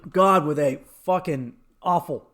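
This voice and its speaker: High-voiced man telling a profane comedy story. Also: slow pace. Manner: profane, laughing, animated retelling with acted quotes. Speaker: comedian podcast host.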